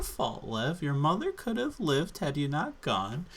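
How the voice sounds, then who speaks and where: A man's voice: a little high, wildly swooping pitch, measured pace, hardly any pauses. A man on a drunken solo rant, angry, profane and exasperated. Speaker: channel host.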